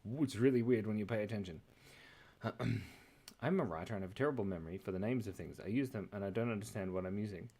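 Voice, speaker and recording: A man's voice: lowish voice, darkish tone. A man hosting a live drawing stream, chatting casually in a playful, rambling way and often breaking off mid-word. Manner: rambling, playful, jumps between random thoughts. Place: indoors at his computer.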